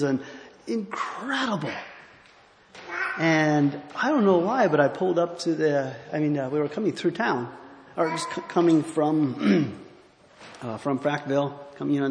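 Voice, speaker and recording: A man's voice: fairly high pitch, darkish tone. A pastor giving a rambling, musing sermon in a church, often stopping to search for his words. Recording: echoey hall, faint ambient noise.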